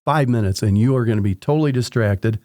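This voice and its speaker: Mellow-voiced man telling inspection stories. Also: mid-range voice, quick pace, no echo, clean studio sound. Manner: animated anecdotes with acted-out dialogue. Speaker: home inspector guest. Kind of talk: conversational storytelling.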